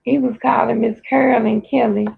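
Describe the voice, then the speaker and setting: A livestream host with a raspy voice, chatting casually with viewers and playfully scolding them over and over. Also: mid-range voice, fairly even intonation, normal speed. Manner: playful mock-scolding, repetitive. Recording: tinny phone-like audio.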